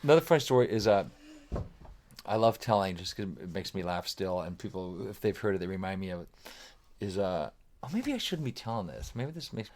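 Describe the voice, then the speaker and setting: Deep-voiced and talking a little fast, a man appears as a guest musician on a podcast, trading casual stories. A little hiss or hum is audible as he animatedly performs other people's lines, fills with "like," and swears casually.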